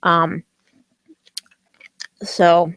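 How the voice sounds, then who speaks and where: A US woman vlogger recaps a TV episode on a livestream, rambling casually with plenty of fillers, restarts and giggly bursts of excitement while talking around a candy in her mouth. Her voice is fairly low, flat and very slow, a bit bright and clean, recorded dry.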